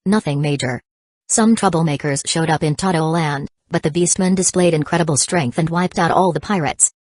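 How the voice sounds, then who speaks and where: A woman's voice: deep voice, moderate pace, darkish tone, dry recording. A woman reading the lines of an eager, earnest younger brother reporting to his older sibling.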